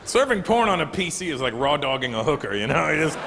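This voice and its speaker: A man's voice: on the high side, big pitch swings, fast, creaky, few pauses. A man doing a stand-up comedy set, brash and profane, teasing the crowd. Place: live comedy venue with audience. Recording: echoey hall with audience noise.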